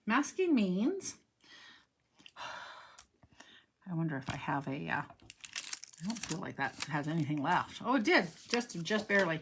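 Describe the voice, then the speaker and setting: A woman's voice: fairly low pitch, sing-song, takes it slowly, long pauses, a little hiss or hum. A middle-aged woman giving a chatty live card-stamping demonstration, rambling and talking to herself as she works. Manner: rambling, self-interrupting, talks to herself while working. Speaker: stamping instructor.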